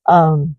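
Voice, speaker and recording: A woman's voice: no echo, lo-fi sound. A middle-aged woman who runs a horse ranch, rambling in a confessional way with many fillers in a casual walking vlog.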